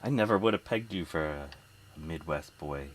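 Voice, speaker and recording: A man's voice: rumbling low, normal speed, slight background noise. A man from South Jersey and Philadelphia, hosting a casual live stream, chatting with viewers while repairing an old computer. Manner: chatty, reads viewer comments, muttering while working. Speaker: host repairing vintage computer.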